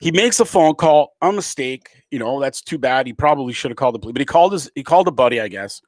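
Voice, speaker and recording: A man's voice: medium pitch, expressive, fast talker, dry recording. Angry ranting man, dry close sound. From Canada. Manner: angry, emphatic, swearing freely. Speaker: comedian. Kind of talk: profane political rant to camera.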